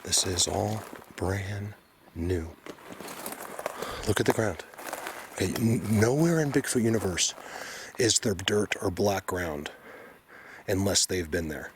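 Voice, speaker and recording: Deep-voiced man, hushed and excitable outdoors. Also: unhurried, pauses often, background noise. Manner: hushed, excitable, often drops to a whisper. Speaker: outdoor explorer vlogger. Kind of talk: casual narration to camera. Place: outdoors in woods.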